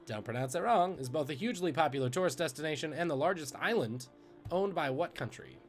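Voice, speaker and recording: Male trivia host, jokey and animated, slightly high voice, faint music underneath. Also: fast talker. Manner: jokey, animated, swings between loud and muttered asides. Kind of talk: live-streamed trivia hosting.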